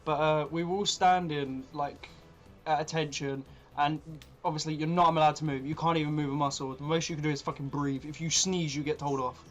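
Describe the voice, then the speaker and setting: A man's voice: a little high, fairly even intonation, fairly quick, lo-fi sound. A young man telling a crude story on a casual podcast, laughing as he goes. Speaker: podcast co-host.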